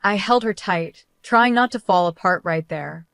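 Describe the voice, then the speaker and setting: A woman's voice: medium pitch, measured pace, vocal fry, a bit bright, no room sound. A woman telling a dramatic, emotional first-person story as its narrator.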